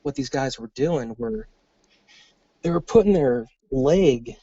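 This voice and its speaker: A man's voice: medium pitch, slow pace, breathy edge, dry recording, lo-fi sound. A man, an army veteran and podcast guest, telling a story casually, cursing freely and acting out the lines of the people in it. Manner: animated, profane, acts out quoted dialogue.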